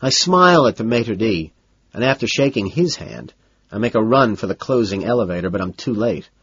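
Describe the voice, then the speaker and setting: A man with a low, husky voice narrates a novel in the first person, cool and measured. The recording is dull and dry, with a lo-fi edge and no room sound. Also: expressive, a bit bright, no echo. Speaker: audiobook narrator.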